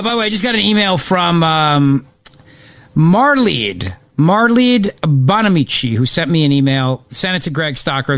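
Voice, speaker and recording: Joking radio host, a bit high. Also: male voice. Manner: animated, joking, acts out voices. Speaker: radio talk show host. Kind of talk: casual chat.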